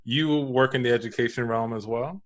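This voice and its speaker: A man's voice: mid-range voice, steady tone, normal speed. A man hosting a casual podcast chat, asking laid-back questions with a laugh.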